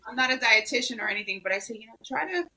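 Woman, bright voice, a bit high, earnest, lots of fillers, faint crowd chatter behind. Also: lively intonation, rapid-fire, poor audio. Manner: earnest, emotional, many "you know" fillers. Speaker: guest, esthetician. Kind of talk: interview answers, storytelling.

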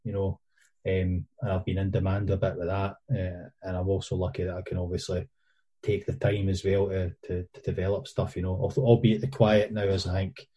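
Scottish male filmmaker, low, husky and very mellow, rambling and self-deprecating. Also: little pitch movement, fairly quick. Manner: rambling, self-deprecating storyteller with many fillers. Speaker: independent filmmaker and editor. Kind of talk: casual podcast chat.

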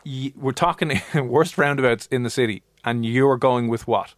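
A man's voice: medium pitch, normal speed, dry recording. Irish man hosting joking radio chat. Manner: joking, teasing. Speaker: radio host.

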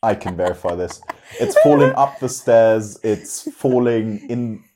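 A young man chatting as a podcast guest, answering in a hesitant, measured way with fillers. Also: lowish voice, warm tone. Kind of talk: casual chat.

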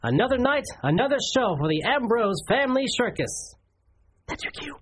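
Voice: mid-range voice, very animated, moderate pace, a bit bright, slight background noise. An actor playing an unsettling circus performer who speaks in a theatrical, chant-like way.

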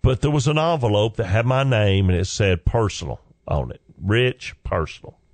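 Folksy storytelling man, low voice. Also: expressive, moderate pace, dry recording. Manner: folksy, joking asides. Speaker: comedian and former pastor. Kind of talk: storytelling talk.

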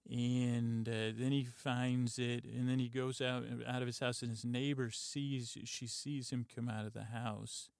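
A man hosting a podcast, softly retelling a TV episode in a halting, meandering way full of "uh" and "like". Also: medium pitch, level tone, vocal fry, clean tone, dry recording, clean studio sound. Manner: halting, lots of "uh" and "like", quiet and meandering. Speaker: podcast host. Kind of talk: rambling sleepy retelling of a TV episode.

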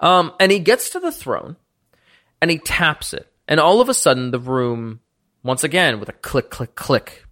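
A man's voice: on the high side, moderate pace. Man narrating as dungeon master. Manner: lively, descriptive storytelling. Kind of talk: narrating a tabletop game.

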